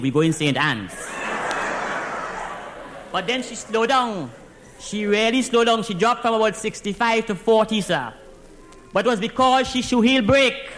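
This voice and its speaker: A man with a Trinidadian accent and a fairly high voice tells a comic story as a driving instructor talking to his boss on the phone. He speaks in dialect, tumbles excitedly from one disaster to the next, and tacks a polite "sir" onto nearly every phrase. A faint noise hum sits behind him. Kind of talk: comic monologue as one side of a phone call.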